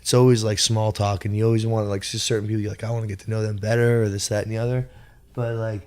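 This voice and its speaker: A man's voice: lowish voice, level tone, fast, darkish tone, smooth. A man guest on a podcast, rambling in casual chat. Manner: rambling, full of fillers and restarts.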